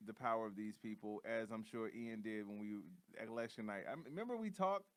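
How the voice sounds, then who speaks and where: A man co-hosting a comedy podcast, talking in a heated, profane, animated rant. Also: lowish voice, a little fast, no room sound. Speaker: podcast co-host. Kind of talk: casual comedic chat.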